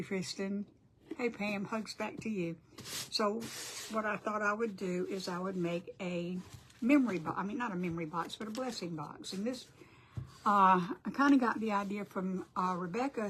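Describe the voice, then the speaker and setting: A woman's voice: medium pitch, a little hiss or hum. An older woman hosting a casual crafting livestream, chatty and apologetic as she greets viewers by name.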